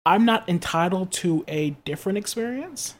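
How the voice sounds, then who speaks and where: A man's voice: high voice, lively intonation, moderate pace. A man from New York chatting casually on a podcast. He tells stories loosely and jokes often, with plenty of "uh" and "like" along the way. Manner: laid-back, joking, loose storytelling with fillers. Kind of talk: casual chat.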